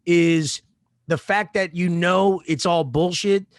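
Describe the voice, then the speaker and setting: Guy rambling on a podcast, kinda high voice, dry close sound, swears a lot. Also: fairly even intonation, slow, no room sound. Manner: rambling, profane, laid-back. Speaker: podcast co-host. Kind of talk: casual chat.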